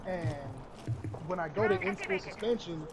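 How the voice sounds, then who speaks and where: A young male streamer casually tells a profane story while gaming, acting out each quote. His voice sits high and his pace is moderate, and the recording is very noisy, with loud game gunfire behind him.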